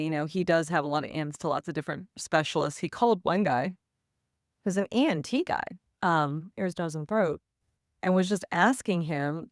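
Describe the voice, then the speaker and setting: A woman in her fifties telling a personal story in casual talk, animated, acting out what others said. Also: lowish voice, dry recording, clean studio sound. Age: 50s. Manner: animated, quotes others in lively asides.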